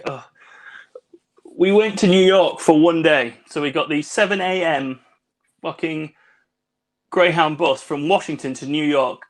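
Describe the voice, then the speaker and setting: Man, co-host, boozy rambling chat, slightly high voice, video call. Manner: rambling, swearing, laughing. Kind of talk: tipsy casual chat over cocktails.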